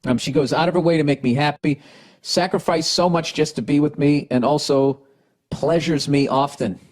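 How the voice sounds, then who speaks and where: With a slightly high, somewhat mellow voice and a brisk pace, a man hosting a podcast rants through casual advice while hiccuping. He has a Boston accent and answers listener letters bluntly, sarcastically and with plenty of swearing.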